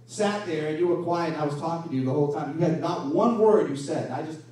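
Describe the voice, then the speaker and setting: Male pastor, high voice, lively sermon delivery, distant mic in a very roomy hall. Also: fast. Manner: animated preaching with rhetorical questions. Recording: echoey room from a distance.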